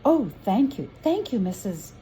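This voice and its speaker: A woman's voice: a little high, very animated, unhurried, warm tone, slight background noise, pitched above the performer's own voice, low-quality recording. A woman reading aloud from a storybook, voicing an earnest, old-fashioned young boy who talks in a coaxing, anxious way. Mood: pleading.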